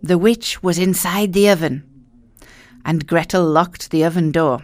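A woman narrating a children's fairy tale in a slow, expressive storytelling manner. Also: on the low side, dry recording.

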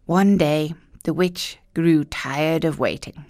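A woman telling a children's fairy tale aloud, taking her time and leaning on key words for effect. Her voice sits slightly low and the pace is very slow. The recording is dry and close. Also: no room sound. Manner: slow, expressive, emphatic storytelling. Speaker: storyteller. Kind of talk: children's story narration.

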